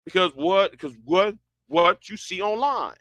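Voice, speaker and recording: A man's voice: sits high, animated, unhurried, a bit bright, no echo. A man chatting casually and rambling, often stumbling and restarting his words, with a broad sound. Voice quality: stammering, many restarts. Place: Houston, Texas.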